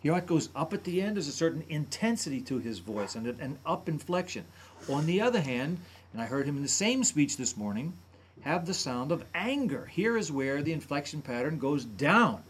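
A man's voice: fairly high pitch, very animated, moderate pace. Man analyzing speaking style, faint noise. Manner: analytical, imitates speech patterns. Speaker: voice and speech commentator. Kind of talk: radio talk commentary.

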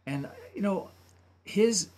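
Speaking slowly in a high, expressive voice with a darkish tone, a radio talk show commentator on voice and speech dissects how politicians talk, mimicking their delivery as he analyzes it closely.

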